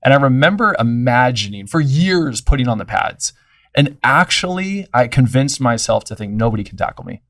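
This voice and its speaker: A man's voice: mid-range voice, expressive, moderate pace, fairly bright tone, dry recording, recorded from a distance. A man in his thirties, a pastor, telling stories in an earnest, reflective way in a casual conversation. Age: 30s.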